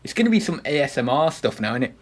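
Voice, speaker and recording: A man's voice: medium pitch, big pitch swings, fast. A young man hosting a casual livestream, chatty and self-mocking as he rambles on about his new microphone. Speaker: livestream host. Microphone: desktop microphone.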